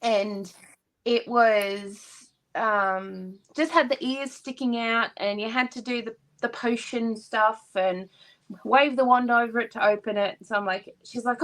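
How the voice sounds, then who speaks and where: A woman's voice: a little high, a little slow. A woman in her thirties with an Australian accent, co-hosting a casual chat and telling stories with frequent laughter. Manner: laughs often, animated storytelling. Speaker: co-host.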